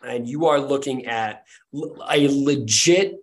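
A man's voice: mid-range voice, slow pace. A man running a tabletop game as its game master, narrating in a rambling way full of filler words. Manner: rambling, full of ums and likes.

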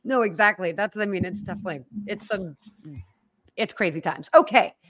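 A woman's voice: medium pitch, fairly quick, a bit bright. A woman co-hosting a hospitality podcast, chatting casually and laughing easily. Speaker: podcast co-host. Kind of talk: casual chat.

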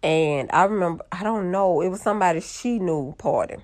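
A young woman, telling a funny story to her viewers in a lively, casual way. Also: lowish voice, fairly quick. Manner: animated, drawling, addresses audience as y'all.

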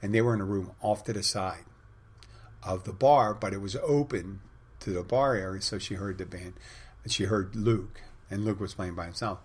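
A man hosts his own podcast, telling stories in a loose, rambling way full of fillers. His voice sits on the low side and has a breathy, husky edge. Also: normal speed. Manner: rambling storyteller with many fillers. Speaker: podcast host; bartender and spin instructor. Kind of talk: casual monologue.

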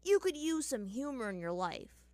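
A woman's voice: a little high, sing-song, normal speed, darkish tone, dry recording, pitched above the performer's own voice. A woman voicing a sarcastic, mocking teenage boy held captive.

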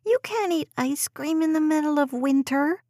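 A woman's voice: high voice, animated, moderate pace, darkish tone, dry recording, studio quality, voice pushed up. A woman voicing a bored, stubborn preschool girl who whines, pleads and sulks melodramatically. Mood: complaining.

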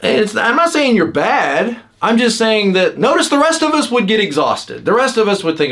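A man's voice: sits high, very animated, moderate pace, hardly any pauses, a bit bright. Chatty man musing on personality types. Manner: conversational, many fillers, acts out other people's lines. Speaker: podcast host. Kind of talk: casual teaching talk.

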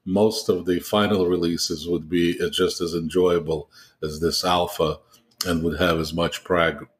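Co-hosting a gaming podcast, a man with a deep voice chats casually in a level, unhurried tone. He rambles a little and uses lots of fillers.

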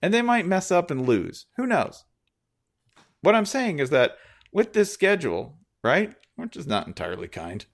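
A man's voice: a little high, big pitch swings, moderate pace. A man hosting a sports podcast in a casual, sarcastic, joking manner.

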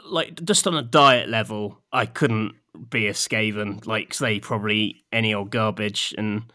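A man's voice: fairly low pitch, normal speed, sharp tone. A man chatting as a podcast guest, drawling and making jokes. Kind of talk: casual chat.

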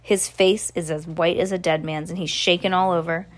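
A woman's voice: on the low side, fairly even intonation, normal speed. A woman reading a ghost story aloud expressively, dropping in casual asides. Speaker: storybook reader.

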